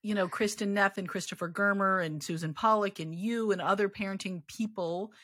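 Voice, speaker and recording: A woman's voice: mid-range voice, fairly even intonation, fairly quick, a bit bright, no room sound, studio quality. A woman in her forties, a parenting author and interview guest, who talks in a frank, candid way with wry asides. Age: 40s. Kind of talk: casual conversational interview.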